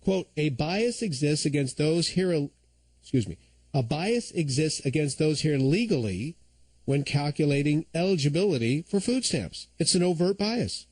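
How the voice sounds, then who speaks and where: A man's voice: a little high, expressive, normal speed, a little mellow, no echo, low-quality recording. Guy hosting talk radio, opinionated and chatty, dry close studio mic. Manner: opinionated, conversational storytelling. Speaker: radio talk show fill-in host.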